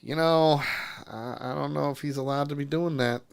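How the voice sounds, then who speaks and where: A man's voice: fairly high pitch, fairly even intonation, moderate pace, vocal fry, smooth. A man hosting a live call-in podcast, chatting casually, laughing often and stumbling over restarts. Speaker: podcast host.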